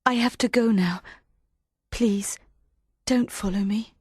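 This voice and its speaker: An anxious young woman pleads in a soft, breathy falsetto, put on by a man reading a storybook aloud. She speaks slowly and gently. It is recorded dry and close. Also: fairly even intonation, dry recording, full character voice. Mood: gentle. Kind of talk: audiobook character voice.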